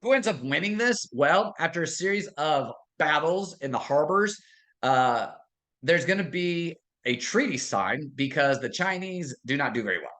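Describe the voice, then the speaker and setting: A man's voice: a little high, animated, measured pace, fairly bright tone. A man teaching a history lesson in a casual, conversational way, asking questions and answering them himself, with many fillers. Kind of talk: casual classroom lecture.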